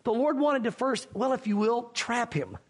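Husky-voiced man preaching a sermon. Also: very high-pitched, expressive, normal speed. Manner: earnest preaching, asks the congregation questions. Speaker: pastor.

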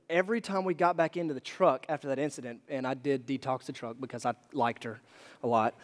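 Man, pastor, sermon, storytelling, slightly high voice, long hall reverb. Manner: conversational, animated storytelling with asides to the congregation. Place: church hall.

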